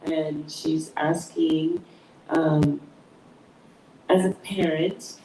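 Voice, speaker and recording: Speaking very slowly in a low, steady, mellow voice, the podcast host chats casually with her guest, who is her daughter. She laughs frequently and performs quotes in her stories; the mic is far off in an echoey room with faint noise.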